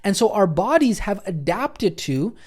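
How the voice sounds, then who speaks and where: A man teaching a recorded online nutrition course as coach, energetic and chatty, often checking in with "okay?" and "right?". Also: sits high, unhurried. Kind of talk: recorded online training lesson.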